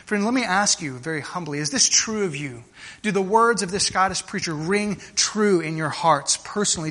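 A man preaching a sermon to his congregation, earnest and direct, often restarting phrases and slowing down to stress key words. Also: high-pitched, pushed and bright. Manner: earnest, with frequent restarts and slowed emphasis. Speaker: pastor.

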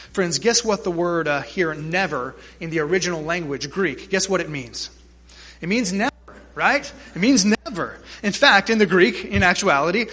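A male pastor delivers a sermon in a high, bright, forceful voice. He preaches emphatically and keeps asking his congregation questions.

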